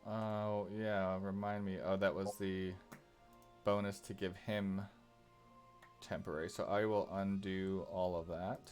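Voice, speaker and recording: A man running a tabletop game as game master, giving rulings and narrating scenes in an unhurried way. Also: low voice, little pitch movement, a little mellow, faint music behind.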